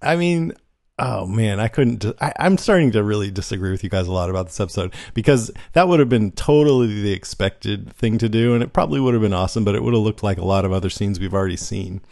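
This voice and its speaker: A man co-hosting a casual podcast chat, arguing his point in quick bursts. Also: lowish voice, expressive, vocal fry, a little mellow, dry recording, clean studio sound. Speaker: podcast co-host.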